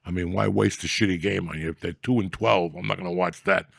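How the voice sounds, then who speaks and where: A man with a low, gravelly, husky voice holds forth as a comedy podcast host. He rambles from one profane story to the next in loose, crude banter. The sound is close and dry, with no room behind him. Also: steady tone, fast, fairly bright tone, no echo.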